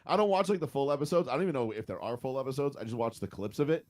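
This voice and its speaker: A man's voice: mid-range voice, rapid-fire, darkish tone. A man co-hosting a podcast, chatting casually, swearing freely and laughing often as he rambles. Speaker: podcast co-host. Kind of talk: casual profane chat.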